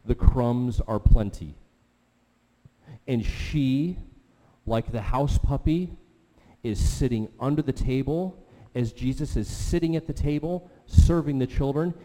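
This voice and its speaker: Pastor preaching, dark voice in a hall. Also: male voice, medium pitch. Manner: animated storyteller, swings from quiet to loud exclamations. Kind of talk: sermon with storytelling.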